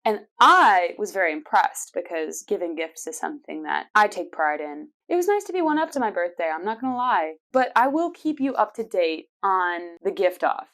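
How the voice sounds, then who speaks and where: A woman's voice: lowish voice, sing-song, moderate pace, hardly any pauses, a bit bright. A woman in her twenties, hosting her own show and playfully telling personal stories with frequent laughs. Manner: chatty and playful, laughs often. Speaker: podcast host. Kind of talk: casual personal storytelling.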